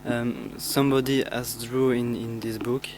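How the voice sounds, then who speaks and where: A teenage boy introduces himself to pen pals, halting with many restarts and fillers. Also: mid-range voice, little pitch movement, noisy background. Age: teens. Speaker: student.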